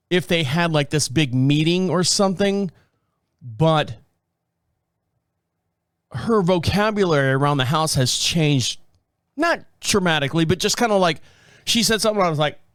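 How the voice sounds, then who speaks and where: Middle-aged guy rambling on his podcast, kinda high voice, swears a lot, laughs, dry sound. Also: fairly bright tone, no room sound. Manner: foul-mouthed, laughs often, acts out quotes. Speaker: podcast host. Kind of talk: casual rambling monologue.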